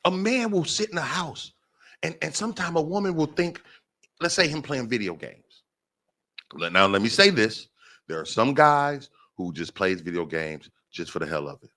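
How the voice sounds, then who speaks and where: A man's voice: medium pitch, sing-song, normal speed, pushed and bright. A man hosting a talk show, delivering an impassioned monologue and repeating phrases for emphasis. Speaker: podcast host.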